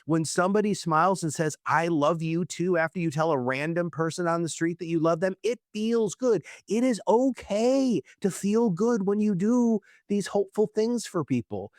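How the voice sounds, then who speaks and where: A man's voice: high-pitched, normal speed, hardly any pauses, no room sound. Earnest emphatic man, dry close sound. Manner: earnest, emphatic, repeats for stress. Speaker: guest speaker. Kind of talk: conversational podcast talk.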